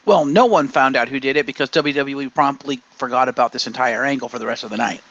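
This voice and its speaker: A man co-hosting a casual podcast, animated and opinionated, acting out quotes and swearing as he argues his points. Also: mid-range voice, quick pace, no room sound, dull audio. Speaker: podcast co-host.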